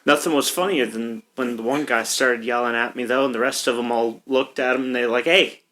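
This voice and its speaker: A man's voice: mid-range voice, steady tone, a little fast, fairly bright tone. A man in casual podcast chat, telling a story loosely and with swearing.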